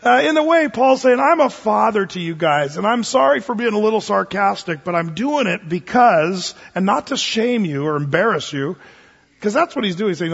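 A male pastor preaching a sermon in a relaxed, storytelling way, with frequent fillers and restarts. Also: high-pitched, normal speed, vocal fry, slightly rough. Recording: dull sound in a long-reverb hall.

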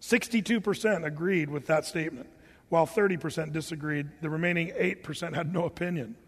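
A man's voice: a little high, fairly quick, breathy edge, big-room sound. An older man preaching a sermon, telling stories with humor and sound effects. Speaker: pastor.

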